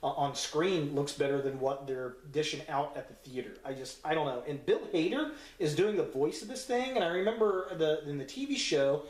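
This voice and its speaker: A man in his thirties with a fairly high voice hosts a casual toy review and speaks bluntly about what he doesn't like. He hedges his words with many ums and uhs and often restarts his sentences. His voice bounces around an echoey room. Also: expressive, normal speed, hardly any pauses, darkish tone. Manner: blunt, frank opinions with many fillers and restarts.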